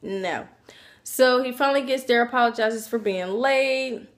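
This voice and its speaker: A woman with a slightly high voice recounts a story straight to her camera. She talks casually and animatedly, slipping into the voices of the people she describes. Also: unhurried. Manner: animated, acts out quoted voices, chatty asides. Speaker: vlogger.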